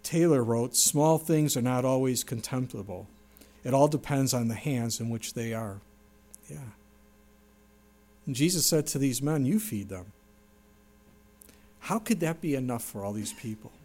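A middle-aged man preaching a sermon as a pastor, earnest, rising sharply in pitch and loudness when he stresses a point. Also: normal speed.

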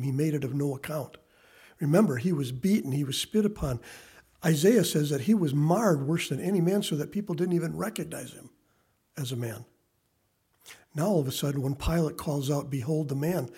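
A man in his thirties preaching a sermon, swinging from loud emphasis to quiet, hushed asides. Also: on the high side, lively intonation, brisk, slightly rough. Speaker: pastor.

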